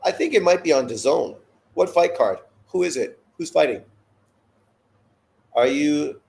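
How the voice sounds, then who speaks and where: A man's voice: fairly high pitch, animated, unhurried, gravelly, long pauses, darkish tone. A man hosting a live boxing watch-along, ranting bluntly and swearing freely between fight talk. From Canada. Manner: blunt, profane, opinionated rants. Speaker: boxing show host.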